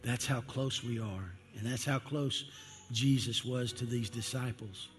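Preacher man in a reverberant hall. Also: mid-range voice. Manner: emphatic, with dramatic pauses and slowed quotes. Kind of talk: evening sermon. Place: church sanctuary. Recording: long hall reverb with faint music.

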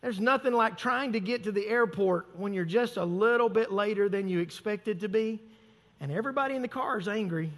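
A man's voice: sits high, fairly quick. A male pastor preaching a sermon in a conversational, self-mocking way, acting out little everyday scenes. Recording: long hall reverb.

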